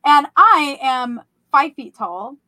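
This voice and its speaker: A young woman hosting a podcast, telling about a vivid dream in a casual, animated way full of "like" and fillers. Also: high voice, takes it slowly, no room sound. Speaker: podcast host. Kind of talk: casual storytelling.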